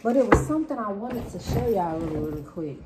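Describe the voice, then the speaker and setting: A woman's voice: mid-range voice, fast talker, heavy background noise. A woman, chatting casually and expressively to her viewers in a vlog. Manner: animated, chatty and expressive, talks straight to viewers. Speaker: vlogger. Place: in a car.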